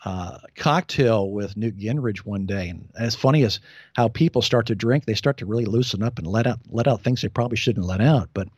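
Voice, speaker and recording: A man's voice: on the low side, fairly quick, a little mellow, husky, dry recording, highs cut off. An American man chatting casually as a podcast guest, often stumbling and repeating words as he restarts. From United States. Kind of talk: casual conversational chat.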